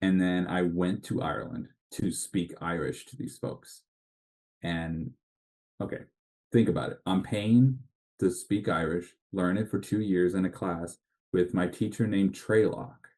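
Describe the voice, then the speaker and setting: A man co-hosting a casual podcast chat, telling animated stories and laughing at them. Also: sits low. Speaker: podcast co-host.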